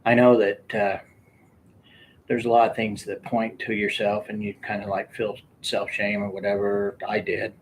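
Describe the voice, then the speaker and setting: A man's voice: on the low side, level tone, moderate pace, a little hiss or hum. An older man telling rambling casual stories from his youth, often breaking into laughter. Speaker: storyteller. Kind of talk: casual storytelling.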